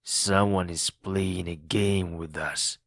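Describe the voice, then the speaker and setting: A hardened pirate captain barks firm orders, as a man puts him on in a storybook reading. The voice sits low and moves slowly. The sound is dry and close, with no room around it. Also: fairly even intonation, gravelly, a bit bright, dry recording, full character voice. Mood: commanding. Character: hardened one-legged male pirate leader, commanding. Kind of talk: audiobook reading for learners.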